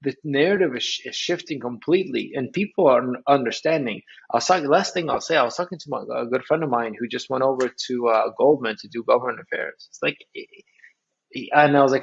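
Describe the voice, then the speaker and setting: Excited husky-voiced man, lo-fi podcast. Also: mid-range voice. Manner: excited, rapid storytelling with many restarts. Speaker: podcast co-host. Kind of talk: casual chat about finance.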